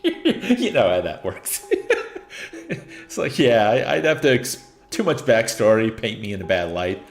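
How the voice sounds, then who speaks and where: A male game streamer talks through his play in a relaxed, chatty way, laughing often and tossing out jokey asides. His voice sits low but swings widely in pitch, very animated. Faint music plays underneath. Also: measured pace, gravelly, roomy sound. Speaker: gaming streamer. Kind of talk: casual gameplay commentary.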